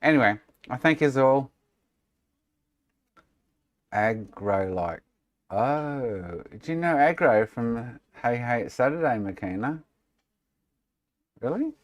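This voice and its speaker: A man's voice: mid-range voice, expressive, slow pace, long pauses, no room sound. An Australian man chatting casually and sarcastically with viewers on a live stream, swearing freely. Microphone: desk microphone.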